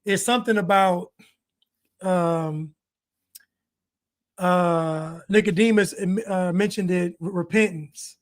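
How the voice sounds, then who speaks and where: A man's voice: high-pitched, fairly even intonation, takes it slowly, pauses often. A man hosting a stream, giving casual and rambling commentary and answering his chat. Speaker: streamer host reacting to a video.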